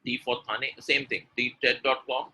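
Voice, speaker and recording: A man's voice: mid-range voice, level tone, moderate pace, bright, forceful tone, a little hiss or hum, low-quality recording. A man teaching pronunciation in a live webinar, coaxing and repeating himself as he speaks to attendees directly. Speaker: English pronunciation coach.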